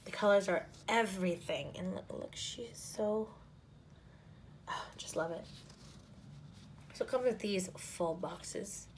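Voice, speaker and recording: A woman showing planner stickers in a casual haul, gushing and often dropping into soft half-whispers. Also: mid-range voice, takes it slowly, long pauses, slight background noise. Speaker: planner sticker shop owner and vlogger. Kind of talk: casual haul show-and-tell.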